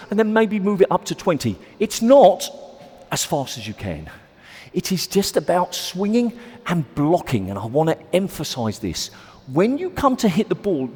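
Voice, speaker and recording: A man's voice: sits high, a little mellow, slightly rough, long reverb tail. A man coaching squash on court, explaining and demonstrating shots in a chatty, self-deprecating way. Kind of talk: on-court instructional video.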